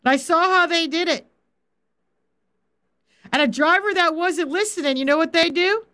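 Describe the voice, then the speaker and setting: Speaking at a moderate pace in an extremely high, pushed, bright voice, a middle-aged woman who works as a faith coach teaches the Bible on a livestream. She is direct and firm, talking right to viewers in the chat.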